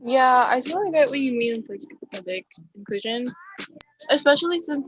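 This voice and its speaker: A young woman co-hosting a casual podcast chat, animated and full of fillers. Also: high voice, fairly quick, husky, no room sound. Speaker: podcast co-host.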